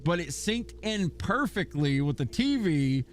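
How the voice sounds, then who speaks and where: Male streamer, casual and animated; tells stories with energy, then cooes at his pet. Slightly higher-pitched man. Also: unhurried, a little hiss or hum. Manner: animated storyteller, coos softly at his dog. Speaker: gaming streamer. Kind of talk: casual livestream chat.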